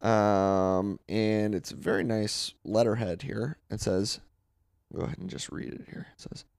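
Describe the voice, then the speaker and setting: A man's voice: on the low side, unhurried, gravelly, smooth, no room sound, clean studio sound. A man in casual conversation, reading tweets and a letter aloud and laughing along. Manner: lively, laughs while reading.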